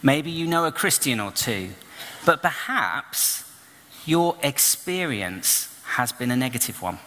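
A man preaching a storytelling sermon, animated and acting out the people in his story. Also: mid-range voice, a little slow. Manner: animated storyteller, acts out voices and shouts. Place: church hall. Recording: long reverb of a church hall.

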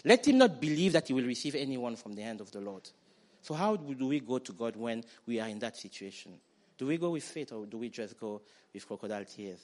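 A man preaching a sermon, animated, acting out quoted voices and building to loud declarations. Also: mid-range voice, fairly quick. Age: adult parent.

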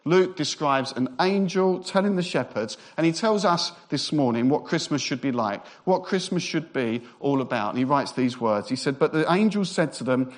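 A man preaches with a slightly raised voice. He keeps a lively, joking manner and speeds up his talk when excited. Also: on the high side, normal speed, hardly any pauses. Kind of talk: sermon.

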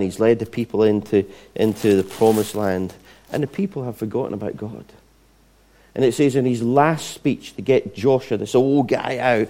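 A man delivers a sermon in a storytelling style. His voice sits on the low side and sounds warm and mellow. He acts out the voices of the people in the story with lively, playful asides. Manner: animated retelling with voiced asides and restarts. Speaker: preacher.

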